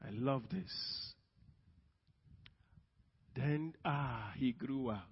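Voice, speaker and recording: A man preaching a sermon as pastor, swinging between loud bursts and hushed asides. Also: mid-range voice, drawn-out words, pauses often, breathy edge. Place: church hall. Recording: long hall reverb, dull lo-fi sound.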